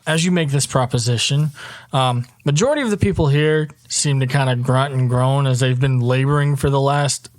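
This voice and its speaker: A man's voice: medium pitch, normal speed, no room sound. Easygoing man narrating as game master.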